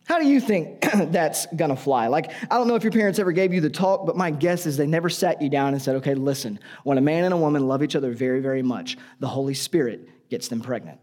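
Male preacher, sermon, chatty and joking, asks questions, slightly high voice, lively pitch.

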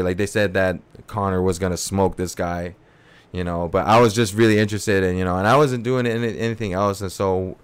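A man's voice: sits low, clean tone, no echo. A man telling a long casual story, full of fillers like "uh" and "like" and plenty of slang. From California. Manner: rambling, heavy filler words and slang.

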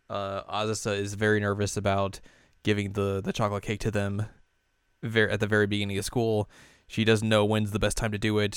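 A man with a low, smooth and resonant voice recaps a show in a loose, rambling way, correcting himself often. The sound is dry and close to the mic. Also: dry recording. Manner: rambling, chuckling, self-correcting. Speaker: podcast host. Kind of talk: casual anime recap chat.

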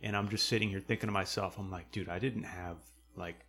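A young man telling stories in casual conversation, rambling with many fillers and acting out quotes loudly. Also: sits low, steady tone, fairly quick.

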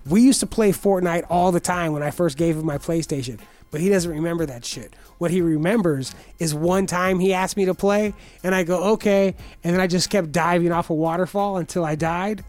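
A man's voice: high voice, fairly quick, darkish tone. A young man telling rambling, profane stories in casual chat, full of restarts and fillers. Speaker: podcast guest telling stories.

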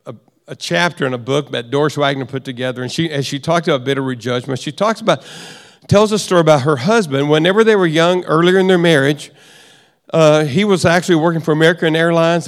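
A man's voice: fairly high pitch, big-room sound. A middle-aged man teaching a sermon in a conversational way, often repeating and restarting phrases. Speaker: preacher.

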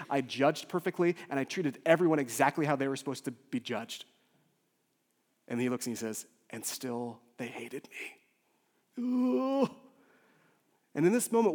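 A man, a lead pastor, preaching a sermon with emotional swings from loud urgency to soft near-whispers. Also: on the high side. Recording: long hall reverb.

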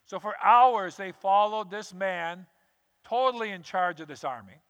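A male pastor preaching a sermon, telling a scripture story with lively acted-out quotes. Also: sits high, a little slow, clear, resonant tone, big-room sound, muffled recording.

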